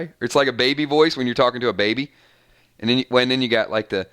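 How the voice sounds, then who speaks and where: A man's voice: on the low side, fast, fairly bright tone, clear, resonant tone. A man running a live-streamed role-playing game, chatting casually and tallying numbers aloud. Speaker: game master.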